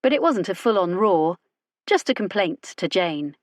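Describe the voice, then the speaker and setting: A woman narrating a science fiction audiobook in a wry, even storytelling manner. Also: mid-range voice, moderate pace, no room sound, clean studio sound. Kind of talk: scripted narration.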